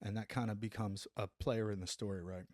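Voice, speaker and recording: A middle-aged man and former soldier telling a story on a podcast, animated, acting out what people said and saying "like" often. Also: fairly low pitch, a little fast, no room sound, studio quality. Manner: animated, acts out quotes, says "like" a lot. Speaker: podcast guest, former Army Ranger. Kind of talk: casual storytelling.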